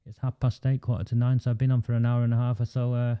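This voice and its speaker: A man's voice: medium pitch, completely flat delivery, fast, clear, resonant tone, highs cut off. A man with a Northern English accent, hosting a livestream and talking in an emphatic, indignant, repetitive way. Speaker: live stream host. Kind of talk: impassioned livestream monologue.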